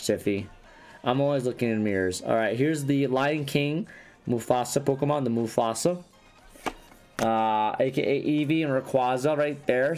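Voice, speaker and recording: Faint music plays as a man with a fading voice opens trading card packs, rambling casually through the cards and restarting sentences. His voice is mid-range and a little mellow.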